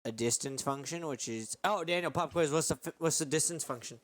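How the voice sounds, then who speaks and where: A man's voice: a little high, a little fast, a bit bright, no echo. A young man hosting a casual stream from his bedroom on a headset, explaining his code in a loose, rambling way. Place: home bedroom.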